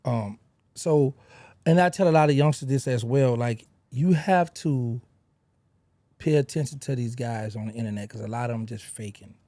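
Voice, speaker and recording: A man from New Orleans with a New Orleans accent, a podcast guest telling stories in animated Southern slang. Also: mid-range voice, moderate pace, dry recording. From New Orleans, USA. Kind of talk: casual interview talk.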